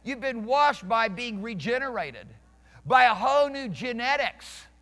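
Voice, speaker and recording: A man's voice: very high voice, animated, measured pace, sharp tone. A male pastor preaching a sermon emphatically, restarting phrases and questioning his congregation. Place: church sanctuary. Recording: reverberant church hall.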